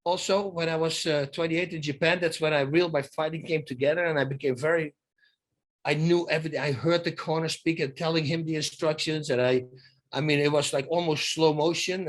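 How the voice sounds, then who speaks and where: A middle-aged man from the Netherlands, telling stories in a casual interview and acting out the dialogue, with many restarts. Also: a little high. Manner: animated storyteller who acts out dialogue, many restarts. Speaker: guest.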